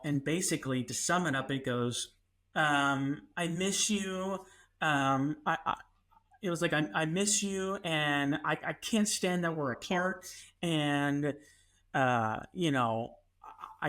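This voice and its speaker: A man, co-hosting a podcast and telling a story in an animated way, acting out what people said. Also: fairly high pitch. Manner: animated, acts out quotes, many restarts. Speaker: podcast co-host. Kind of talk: casual storytelling.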